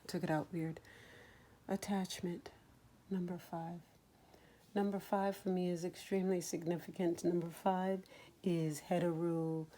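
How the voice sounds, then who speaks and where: Soft-spoken woman giving a card reading. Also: on the low side, little pitch movement. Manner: slow, soothing, dropping to whispers at times. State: choked up. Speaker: spiritual card reader.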